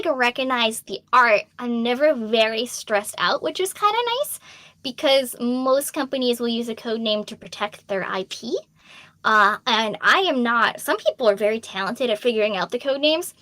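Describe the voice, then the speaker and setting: Reading fan questions aloud during a relaxed Q&A stream, a young adult female voice actor with a faint Boston accent chats openly, often saying um and laughing. She sounds fairly high, animated and sharp, speaking a little slowly in a recording without echo.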